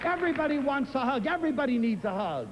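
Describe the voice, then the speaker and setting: An older man giving an inspirational lecture, telling stories in an animated, expressive way. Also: fast talker. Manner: expressive, animated storytelling with big swings in pitch. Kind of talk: inspirational lecture to a live audience. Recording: live lecture in a hall with faint room noise.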